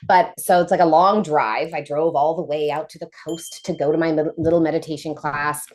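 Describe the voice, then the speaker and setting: A woman in her thirties tells a personal story as a podcast guest. Her voice sits low, and she talks in a casual, animated way, jumping up in pitch to act out what other people said. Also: a little fast, a little hiss or hum. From United States. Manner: animated, acts out quoted voices.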